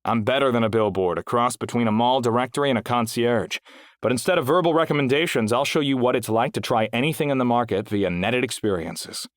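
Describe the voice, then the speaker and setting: A man voicing an eager, glib male market promoter pitching his services in an audiobook. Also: brisk, no room sound, studio quality, natural voice. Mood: eager, salesy. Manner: eager, upbeat sales pitch. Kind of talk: audiobook character voice.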